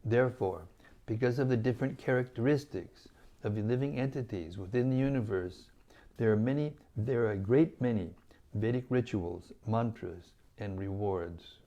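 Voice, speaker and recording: A man reading scripture aloud to listeners in a deliberate, measured way, pausing between phrases. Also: on the low side, dark tone, dull audio. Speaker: scripture reader.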